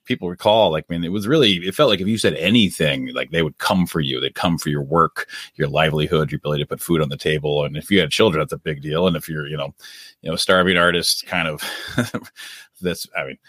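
A man's voice: a bass voice, quick pace, a bit bright, no echo, studio quality. A man, a documentary director, talking casually as a guest in an interview, earnest and rambling with many restarts.

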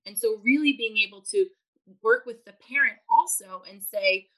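A woman's voice: on the high side, moderate pace, rough recording. A woman parenting coach explaining ideas in a podcast interview, acting out what parents think and say. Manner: animated, acts out parents' inner voices.

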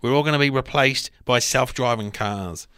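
A man's voice: medium pitch, moderate pace, bright, forceful tone, clear, resonant tone, no room sound, studio quality, lightly acted. A man quoting a chatty, conspiracy-minded female London taxi driver with a London accent, in a casual podcast chat. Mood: ranting.

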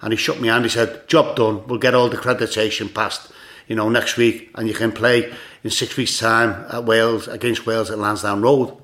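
A man's voice: lowish voice, little pitch movement, moderate pace, a bit bright. A man in his sixties with a Liverpool Scouse accent, a former footballer telling stories as a guest, with many repeated words and "you know"s. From Liverpool, England. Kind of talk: anecdotal storytelling.

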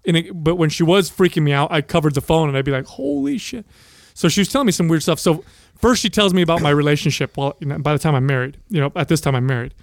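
Animated storytelling man, slightly high voice. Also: rapid-fire, no room sound, studio quality. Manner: animated storyteller, swears freely. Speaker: podcast co-host. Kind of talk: casual chat.

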